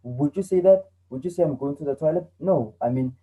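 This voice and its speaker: A man's voice: on the high side, fairly quick, dark tone, muffled recording. A young man teaching an online English lesson to teenagers, earnest and repeating himself as he explains. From South Africa.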